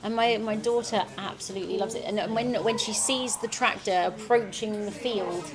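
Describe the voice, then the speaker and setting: A woman guest, a folklorist, chatting reflectively about her family and home life in a relaxed interview. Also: mid-range voice, moderate pace, hardly any pauses. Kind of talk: casual chat. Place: outdoor festival. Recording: festival crowd chatter behind.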